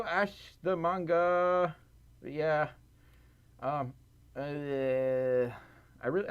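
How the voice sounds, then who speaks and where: A man chatting casually on a livestream, rambling and self-deprecating with lots of fillers and laughs, tired and a little scratchy. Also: a little high. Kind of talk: casual live stream chat.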